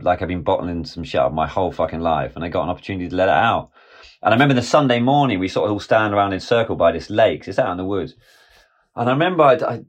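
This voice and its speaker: A man's voice: low-pitched, slightly rough. A man in his forties, a film director guest, telling a candid personal story with emphatic, freely profane speech. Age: 40s.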